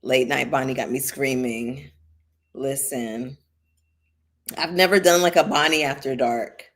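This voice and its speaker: A woman's voice: extremely low pitch, measured pace. A woman hosting a casual commentary livestream. She is tipsy and swears heavily in a blunt, heated way. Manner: heavy cursing, blunt and heated. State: tipsy from drinking bubbly. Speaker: channel host.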